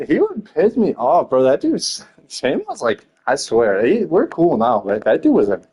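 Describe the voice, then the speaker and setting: A man's voice: on the high side, huge pitch swings, moderate pace, dark tone, husky, dull audio. A young man telling rambling stories in casual chat, laughing often, swearing and filling his talk with slang.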